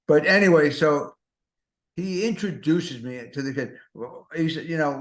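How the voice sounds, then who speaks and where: An older man with a slightly high voice spins rambling, self-deprecating comic stories, doubling back on himself in anxious asides. The room around him rings with a noticeable echo, as if recorded in a bare space. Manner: self-mocking, neurotic, rapid-fire asides. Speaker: podcast host. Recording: roomy echo.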